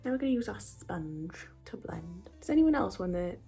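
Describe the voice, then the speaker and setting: A woman talks through a makeup tutorial in a put-on American accent, chatty and quick to tease herself. Her voice is warm and mellow, and she slips into whispers now and then. Faint music plays underneath. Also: on the low side, very animated, vocal fry, husky. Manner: chatty, self-teasing, drifts into whispers. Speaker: beauty vlogger. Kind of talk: casual makeup tutorial chat.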